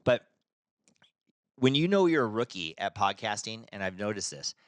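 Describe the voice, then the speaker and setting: A man's voice: fairly low pitch, sing-song, no echo. A middle-aged man with a nasal voice, co-hosting a podcast in casual, rambling chat. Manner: fast rambling delivery with restarts. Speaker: podcast co-host.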